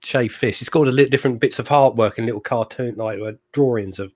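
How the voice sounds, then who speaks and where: A man's voice: medium pitch, fast, darkish tone, dry recording. A man co-hosting a casual live-stream show, chatty and enthusiastic as he rambles about old albums and cracks jokes. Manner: jokey, laughs easily. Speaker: co-host of a live music chat show.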